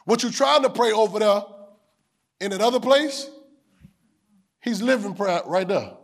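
A high-voiced male preacher delivers an unhurried sermon in call-and-response style. He repeats phrases, asks the room if they hear him, and climbs to shouts.

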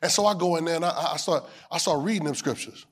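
A male preacher with a high voice that rises and falls as he works the congregation. He repeats his lines for weight and asks if they are hearing him. He builds to loud peaks and then drops back down. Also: fast talker, slightly rough. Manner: call-and-response preaching, rising to shouts. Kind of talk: sermon.

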